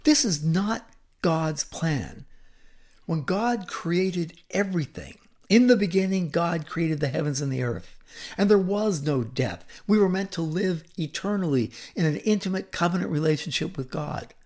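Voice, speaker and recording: A man preaching a sermon, retelling a scripture story with dramatic, deliberate delivery and hushed drops for effect. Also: fairly high pitch, lively intonation.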